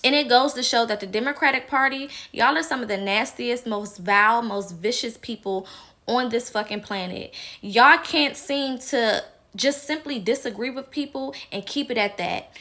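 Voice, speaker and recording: A woman with a rather high, forceful, bright voice delivers opinionated vlog commentary. She talks bluntly and emphatically and swears freely when riled. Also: moderate pace. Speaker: political commentator.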